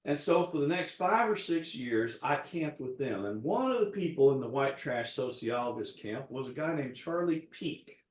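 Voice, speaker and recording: A man's voice: mid-range voice, lively intonation, normal speed, few pauses. Roomy-sounding man telling a rambling story. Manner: rambling, anecdotal, laughs while telling. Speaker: guest chef. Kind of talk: casual storytelling while cooking. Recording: roomy echo.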